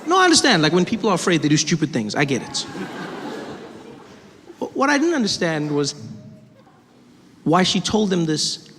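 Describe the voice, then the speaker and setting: A South African man in his thirties telling stories in a stand-up comedy set, shifting quickly between voices. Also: a little high, big pitch swings, fairly bright tone, slight background noise. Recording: live hall reverb, faint ambience.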